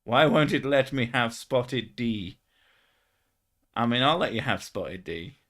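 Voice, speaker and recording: A man's voice: mid-range voice, animated, unhurried, a bit bright. A young man hosting a casual stream chat, joking, swearing often and laughing between jokes. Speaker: streamer host.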